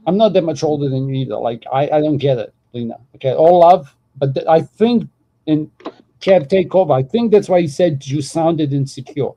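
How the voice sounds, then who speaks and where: Mellow, husky man chatting casually. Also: on the high side, moderate pace. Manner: rambling, profane, filler-heavy. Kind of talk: casual group chat.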